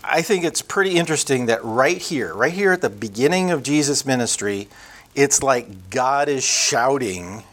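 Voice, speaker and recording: A man teaching a conversational Bible lesson, emphatic, building up lists and slowing down on key words. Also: mid-range voice, animated, fairly bright tone.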